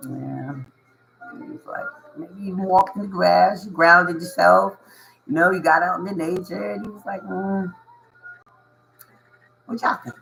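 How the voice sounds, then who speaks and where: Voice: medium pitch, normal speed, vocal fry, fairly bright tone, faint music behind, poor audio. A tarot reader giving a casual reading to viewers, slangy and reassuring, often repeating phrases and laughing. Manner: reassuring, coaching tone.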